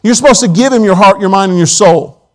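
High-voiced man preaching a folksy sermon. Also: a little fast, low-quality recording. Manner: folksy storytelling with quoted asides. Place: church auditorium.

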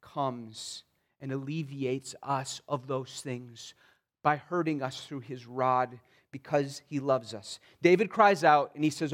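A man preaching an expository sermon in an earnest, pleading way, moving between soft stretches and emphatic ones. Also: mid-range voice, slow pace. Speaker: pastor.

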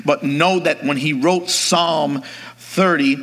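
A man preaching a sermon, swinging from hushed, slow reflection to rising, shouted exhortation, calling on the congregation to answer him. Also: a little high, fairly even intonation, big-room sound. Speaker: pastor.

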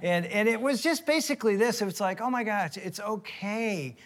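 Middle-aged male co-host, animated storyteller, slightly high voice. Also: normal speed. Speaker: co-host, former team chaplain. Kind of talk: storytelling marriage talk.

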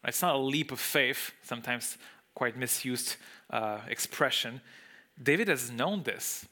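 A man's voice: mid-range voice, a little slow, sharp tone. A man speaking English as a second language, preaching an expository sermon to a room, emphatic and full of rhetorical questions. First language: not English. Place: room with a congregation.

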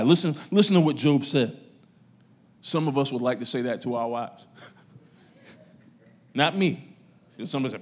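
A man pastor preaching a sermon to his church, his loudness swinging between raised emphasis and quiet asides. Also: mid-range voice, measured pace, long pauses. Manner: preaching with strong rises and drops in loudness.

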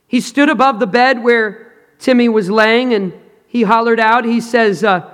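Male preacher, high voice, dramatic hushed-to-loud delivery, long hall reverb. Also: a little slow. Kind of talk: sermon. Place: large hall with an audience.

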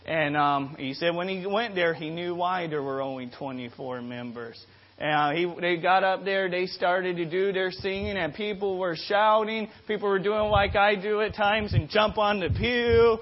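A man's voice: high voice, moderate pace. A man preaching a sermon, telling a story with lots of energy and often restarting and repeating words. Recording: dull lo-fi recording.

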